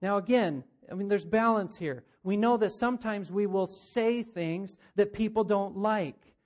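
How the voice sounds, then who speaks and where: A man delivers a sermon in a high, light voice. He preaches earnestly, asking his listeners rhetorical questions and slipping into the voices of imagined people. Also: a little slow, darkish tone. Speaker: pastor.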